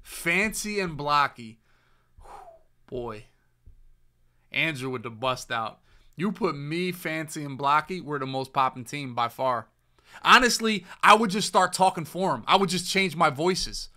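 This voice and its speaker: A man's voice: on the high side, animated, normal speed, pushed and bright. A young man hosting a gaming podcast, chatting casually with loose, joking trash talk. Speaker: podcast host. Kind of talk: casual chat while streaming.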